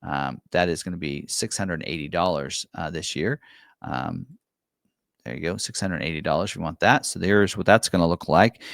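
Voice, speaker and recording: A man's voice: low-pitched, gravelly, dry recording, clean studio sound. A man from a car dealership casually walking through truck packages and prices, with lots of "um" and "for you". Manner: relaxed, filler-heavy, repeats "for you". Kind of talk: casual product walkthrough.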